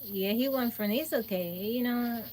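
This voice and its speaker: Chatty woman with a fairly high voice. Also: moderate pace, a little hiss or hum. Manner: animated, laughs often, acts out quotes; folksy, speaks to viewers directly. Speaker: livestreamer. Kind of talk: casual storytelling chat.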